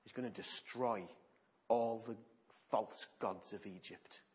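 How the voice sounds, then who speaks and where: A preacher delivering an animated sermon, retelling stories with gasps and shifts in loudness. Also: male voice, fairly low pitch, slow, dull audio.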